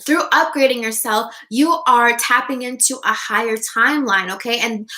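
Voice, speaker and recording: Woman, life coach, high pitch, bright voice, enthusiastic live-stream talk. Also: moderate pace. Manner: enthusiastic, repeats "okay?" and "right?".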